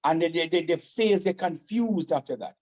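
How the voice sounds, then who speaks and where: Vincentian guy chatting fast and proud, warm mellow voice, bit dull lo-fi sound. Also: on the high side. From Saint Vincent and the Grenadines. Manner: animated, fast-talking, proud. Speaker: guest. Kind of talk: casual chat.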